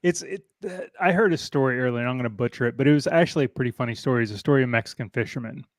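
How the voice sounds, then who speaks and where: A man hosting a podcast in casual conversation, telling stories in a halting way and often repeating words. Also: mid-range voice, no echo. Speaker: podcast host.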